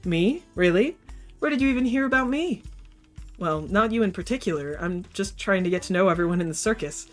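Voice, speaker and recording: A woman's voice: mid-range voice, expressive, brisk, faint music behind, close to an everyday voice. A woman voicing a young woman from Brooklyn who asks polite, curious questions.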